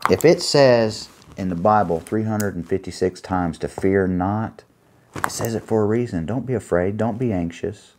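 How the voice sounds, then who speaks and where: A man preaching an earnest sermon, pausing to find his place and reading scripture aloud. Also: lowish voice, darkish tone, slight background noise. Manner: earnest, reads scripture aloud with pauses while finding pages.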